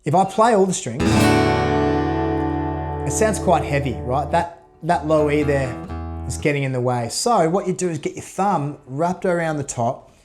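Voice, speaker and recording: Relaxed man teaching guitar. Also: fairly high pitch, moderate pace. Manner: relaxed, demonstrates while playing, counts beats aloud. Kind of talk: casual instructional talk. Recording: loud guitar under voice. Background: guitar playing.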